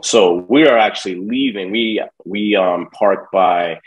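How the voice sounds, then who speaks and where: Low-voiced man telling a wild story. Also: measured pace, low-quality recording. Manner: profane, streetwise, animated retelling. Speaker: podcast guest. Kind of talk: casual storytelling.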